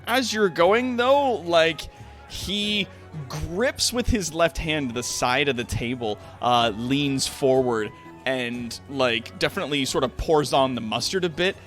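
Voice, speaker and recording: Brief: man game master, lively rambling narration, soft background music. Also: mid-range voice. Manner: rambling narration, many fillers and restarts, laughs often.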